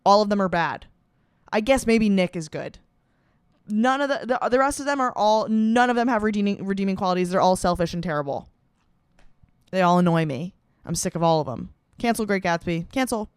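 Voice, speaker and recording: A young woman riffs through a comedy podcast monologue in a chatty, sarcastic ramble, swearing freely. Her voice comes across smooth and clear, close to the mic in a dry, dead room. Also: medium pitch, brisk, no echo. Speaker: podcast host.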